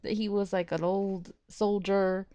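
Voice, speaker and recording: A woman's voice: mid-range voice, little pitch movement, unhurried, dark tone, no room sound. A woman doing casual let's play commentary, rambling and chatty, laughing at herself as she talks.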